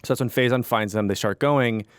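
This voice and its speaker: A man's voice: medium pitch, a little fast, smooth, no echo, clean studio sound. A young man co-hosting a podcast, casually retelling a story and quoting characters as he goes. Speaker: podcast co-host. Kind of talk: casual chat.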